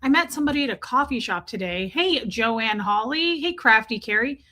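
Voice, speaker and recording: A woman's voice: fairly high pitch, expressive, moderate pace, bright, forceful tone. A woman hosting a casual livestream, chatting and rambling while greeting viewers by name. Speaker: livestream host.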